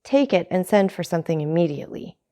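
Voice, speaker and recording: A woman's voice: fairly low pitch, lively intonation, fast talker, dark tone, lightly acted. Dantès, earnest young sailor read by a woman. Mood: eager. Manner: heartfelt, urgent pleading. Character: young male sailor, earnest and devoted son. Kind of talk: audiobook character reading.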